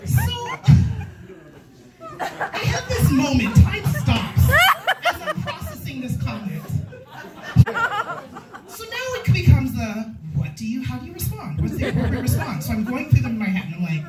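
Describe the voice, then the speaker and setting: A woman's voice: high-pitched, moderate pace, over loud music. A young adult woman performing a stand-up comedy set, telling stories and acting out quotes. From Canada. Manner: animated storytelling, acting out quotes. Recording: echoey room from far off.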